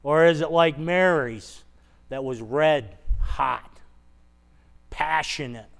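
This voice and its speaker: A man's voice: a little high, slow, creaky, fairly bright tone. A man preaching a sermon, retelling a scripture passage conversationally and asking the congregation rhetorical questions. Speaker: pastor.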